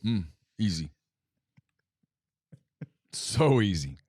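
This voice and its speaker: A middle-aged man with a low voice that rises and falls a lot as he chats, sounding exasperated and given to laughing asides. The sound is close and dry, with no room around it. He is co-hosting a casual sports talk show. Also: big pitch swings, drawn-out words, a little mellow, no room sound. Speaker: co-host.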